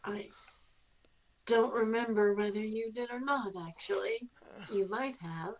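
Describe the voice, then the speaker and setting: A woman taking part in a tabletop role-playing game, speaking in character. Her replies come quick and polite, with a joking streak. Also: on the high side, low-quality recording. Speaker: player.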